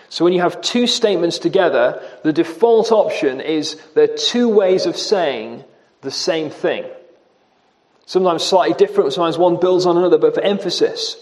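A man with a high voice delivers an evening sermon and walks through a passage verse by verse. He slows right down on the quoted lines and leans hard on repeated words. At times he drifts back from the microphone. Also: darkish tone. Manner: slows and stresses quoted scripture, emphatic repetition. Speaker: preacher. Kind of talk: expository sermon.

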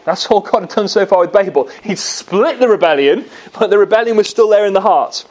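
A man's voice: high voice, lively intonation, fairly quick, darkish tone. A man preaching a sermon. He teaches from scripture and asks the congregation questions as he goes.

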